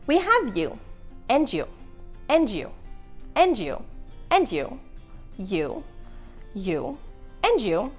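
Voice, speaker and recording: A chatty, easily flustered little boy egg, put on by a woman in a storytime read-aloud. The voice sits high and swoops all over, unhurried, with faint music underneath. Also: wildly swooping pitch, breathy edge, full character voice. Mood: searching. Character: chatty, anxious little male egg, loyal leader.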